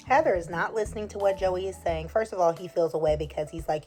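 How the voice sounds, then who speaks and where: In casual chat, a woman recaps a soap opera episode with sass and strong opinions, acting out the characters' lines. Her lowish, slightly mellow voice moves quickly with few pauses, over faint background music.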